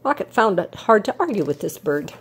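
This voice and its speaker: An older woman reading a children's picture book aloud as a storyteller, with an expressive cadence. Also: medium pitch, brisk, slightly rough.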